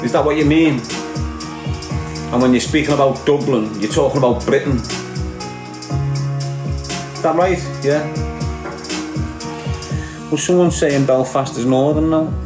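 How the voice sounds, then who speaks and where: A man's voice: mid-range voice, measured pace, pauses often. Scouse man ranting in an echoey room. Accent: Liverpool. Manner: rambling and emphatic, talks straight to the listener. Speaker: podcast host. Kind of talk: casual livestream chat. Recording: echoey room with music playing behind.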